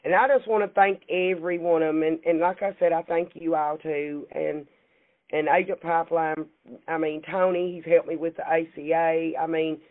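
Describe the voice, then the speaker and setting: A woman's voice: low voice, steady tone, moderate pace. A woman with a Kentucky accent, a guest chatting in a folksy, laughing way about her work. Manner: warm, folksy, laughs often. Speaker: insurance agency CEO, guest. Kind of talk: casual interview chat. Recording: tinny phone-like call audio.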